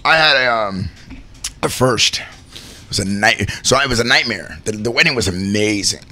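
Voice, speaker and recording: A man in his thirties, a show host and wedding DJ, telling stories in a casual, animated chat and often laughing. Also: on the low side, moderate pace.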